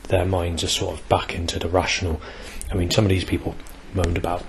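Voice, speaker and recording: A man's voice: sits low, little pitch movement, fairly quick, a little hiss or hum, rough recording. A man in his forties rambling hesitantly through a video diary, full of ums and restarts. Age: 40s. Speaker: vlogger. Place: outdoors near a busy bus station.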